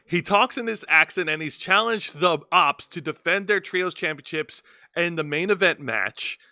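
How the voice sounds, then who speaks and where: Bright, dry-sounding man recapping matches. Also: fairly high pitch, lively intonation, moderate pace, dry recording. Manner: explanatory, stumbling restarts, laughing at partner. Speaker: podcast host. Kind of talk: casual wrestling review chat.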